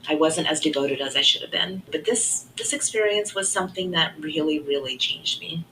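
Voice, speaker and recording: Earnest woman with a low, bright voice. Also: moderate pace, a little hiss or hum, low-quality recording. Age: middle-aged. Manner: earnest, reflective, softly trailing off. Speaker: guest sharing her testimony. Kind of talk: personal faith testimony.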